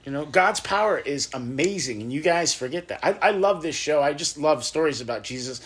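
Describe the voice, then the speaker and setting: A young adult man with a fairly high voice, hosting a casual podcast. He tells stories with emotion and leans into the quoted lines. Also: animated, a little fast, fairly bright tone. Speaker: podcast host. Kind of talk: casual podcast chat, animated retelling.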